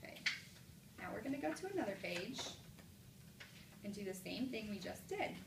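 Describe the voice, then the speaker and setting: A woman's voice: mid-range voice, big pitch swings. Woman teacher in an echoey classroom. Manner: clear, encouraging teacher prompts, slow exaggerated read-aloud examples. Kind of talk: classroom mini lesson. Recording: echoey room from a distance, light noise.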